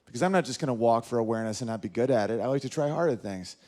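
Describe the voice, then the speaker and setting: Racing along in a medium-pitched voice, a stand-up comedian from northern New York tells stories on a club stage. He animatedly acts out the quoted voices of the people involved.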